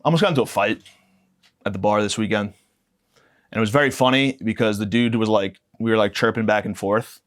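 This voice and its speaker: A man's voice: lowish voice, fairly quick. A man of about thirty telling rambling comic stories on a podcast, swearing often and acting outraged. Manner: profane, rambling, mock-outraged. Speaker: podcast guest. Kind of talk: comedic storytelling rant.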